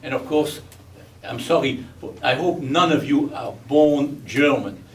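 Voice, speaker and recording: An expressive, medium-pitched man in his eighties speaks a little slowly with a Belgian accent, addressing an audience as a veteran guest speaker. He's chatty and full of jokes, hammering home his points by repeating them. The mic sits at a distance, with faint noise in the background.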